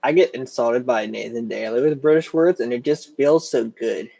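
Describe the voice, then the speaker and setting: A man's voice: mid-range voice, normal speed, vocal fry, dark tone. A man co-hosting a casual podcast chat in a laid-back way, often restarting his sentences. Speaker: podcast co-host. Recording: dull, lo-fi, dry mic.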